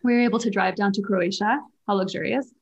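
Woman co-host and coach, casual storyteller, animated and chatty, mid-pitched, swears freely. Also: fast, lo-fi sound. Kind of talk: casual chat. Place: lives in Germany.

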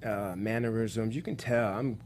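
A man chatting casually as a guest, telling lively stories and acting out the voices in them, stumbling over his words when excited. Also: on the low side, moderate pace. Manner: animated storyteller, acts out voices in anecdotes. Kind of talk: casual podcast chat, storytelling.

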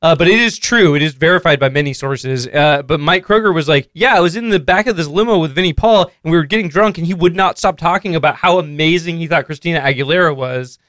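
A man with a high, bright voice chatting easily as podcast co-host. His voice sounds close and dry, with no room echo. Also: quick pace, few pauses. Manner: easygoing, chatty. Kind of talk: casual chat.

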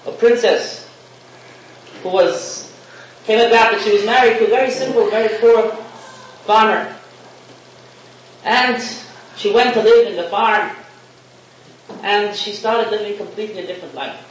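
A man's voice: sits high, fairly even intonation, moderate pace. A man giving a sermon, telling a parable in a storytelling manner and mixing in Hebrew and Yiddish terms. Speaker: rabbi giving a talk. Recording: echoey room, distant mic, faint hiss.

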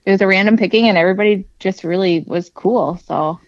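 A woman's voice: medium pitch, fast talker, dry recording. A woman author chatting casually as a podcast guest, rambling with lots of fillers over a dull remote recording. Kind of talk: casual interview chat. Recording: dull, dry remote audio.

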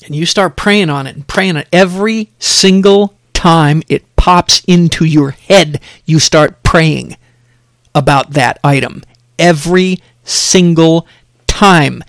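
A man's voice: on the high side, a bit bright, no echo, studio quality. Emphatic middle-aged man preaching. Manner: emphatic, exhorting, repeats phrases for effect. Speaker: podcast host. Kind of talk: preaching, sermon-like podcast talk.

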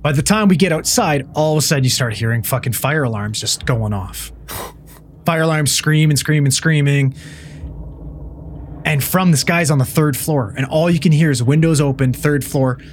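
A man's voice: a little high, normal speed, slight background noise. A man, a paramedic, telling a wild call story in casual chat, swearing freely and acting out what everyone said. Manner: profane, animated storyteller who acts out what people said.

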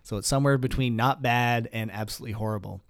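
A man in a casual podcast chat, relaxed and chuckling as he gives advice, his voice sitting at an ordinary middle pitch. He trips over his words and restarts, and the close microphone sounds dry with no room around it. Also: fast talker, dry recording. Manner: relaxed, laughs often, restarts mid-sentence. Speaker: podcast co-host.

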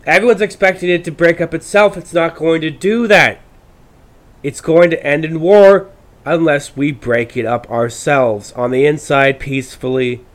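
A male podcast host with a somewhat high-pitched voice, ranting about politics. He swears constantly and rambles, stumbling over false starts and restarting his sentences. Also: moderate pace. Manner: profane, rambling, with frequent restarts.

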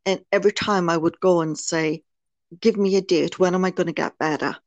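A woman's voice: lowish voice, steady tone, a little fast, dry recording, highs cut off. A British woman, a nurse and author, speaking frankly and earnestly in a podcast interview, with frequent fillers. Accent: British English. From Britain. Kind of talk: candid personal interview.

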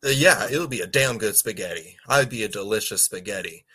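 Bright-voiced man rambling through chat. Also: lowish voice, brisk, husky. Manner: rambling, stumbling over words, laughs often. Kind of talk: casual chat.

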